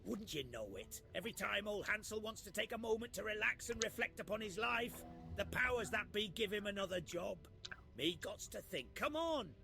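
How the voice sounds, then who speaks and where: A man's voice: high-pitched, expressive, normal speed, vocal fry, pushed and bright, faint music behind, voice pushed up, heavily acted. A man voicing a grumbling old male dwarf quest giver who talks in a folksy, bossy dialect while reading game quests aloud.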